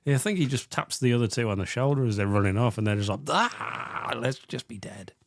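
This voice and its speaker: A man's voice: mid-range voice, racing, darkish tone, no room sound, studio quality. A man co-hosting a comedy film podcast, laughing often and acting out scenes in silly voices. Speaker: podcast co-host. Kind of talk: casual comedic film chat.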